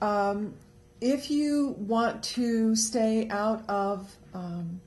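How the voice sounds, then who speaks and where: A woman's voice: medium pitch, drawn-out words, darkish tone. A woman co-hosting a casual webcast talk show, chatty and upbeat as she gives tips. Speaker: co-host. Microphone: webcast studio mic.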